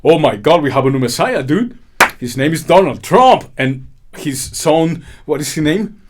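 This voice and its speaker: A man's voice: on the high side, lively intonation, moderate pace, slight background noise. A man from Colombia, delivering an angry, indignant political monologue peppered with swearing. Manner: loud, indignant, swearing, with mocking laughs. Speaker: political commentary host.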